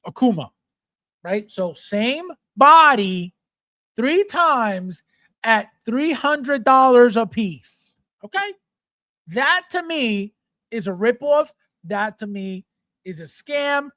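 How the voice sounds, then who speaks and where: A man's voice: sits high, lively intonation, slow pace, pushed and bright, no echo. Host, man, middle-aged; sarcastic, profane rant, dry room sound. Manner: blunt, mocking, swears freely, mimics fans. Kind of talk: ranting live-stream chat.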